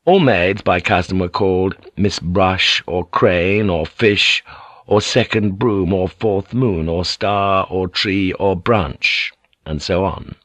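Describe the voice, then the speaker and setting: Low-voiced man narrating an audiobook. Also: takes it slowly, a bit bright, no echo.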